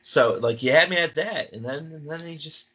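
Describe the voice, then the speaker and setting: A man talking casually as a podcast guest, laughing often and breaking into animated impressions. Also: fairly high pitch, moderate pace, breathy edge. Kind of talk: casual chat.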